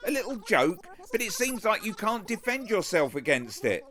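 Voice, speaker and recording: A man's voice: high voice, big pitch swings, normal speed, a crowd in the background. A man hosting a political video channel, commenting on a clip in a sarcastic, mocking way.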